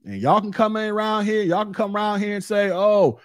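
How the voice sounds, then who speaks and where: A man's voice: high-pitched, steady tone, fast, no room sound. A man hosting his own opinion podcast, talking bluntly and profanely in a heated rant. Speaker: podcast host. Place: recorded in Florida.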